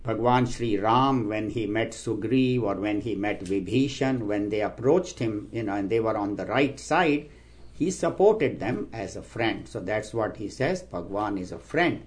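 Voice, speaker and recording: A man giving a spiritual talk, explaining scripture terms and telling stories, acting out the quoted voices with raised pitch. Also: animated, measured pace. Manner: storytelling, acts out quoted voices with rising pitch. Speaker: spiritual teacher. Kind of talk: sermon with stories and jokes.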